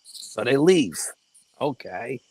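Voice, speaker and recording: Older man with a gravelly voice. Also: mid-range voice, slow pace, dry recording, rough recording. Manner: animated, profane, acts out quoted dialogue. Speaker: guest paranormal investigator. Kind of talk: casual storytelling interview.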